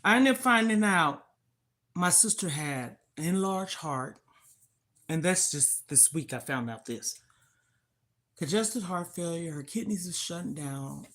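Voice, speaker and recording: A woman's voice: on the low side, expressive, unhurried, fairly bright tone. An older woman hosting a livestream, telling an emotional personal story of loss in a heartfelt, grieving way that sometimes turns indignant. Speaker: livestream host.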